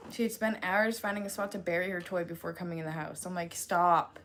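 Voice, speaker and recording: A woman's voice: fairly low pitch, fairly even intonation, quick pace, slight background noise. Laughing, swearing woman streamer. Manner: rambling and laughing, swears freely, lots of fillers. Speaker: livestream host. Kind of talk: casual chat to a live chat.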